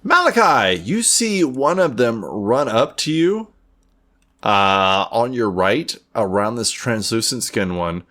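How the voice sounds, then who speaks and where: A man running a tabletop game as game master, animated and playful, swearing when rolls go badly. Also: mid-range voice, slow pace.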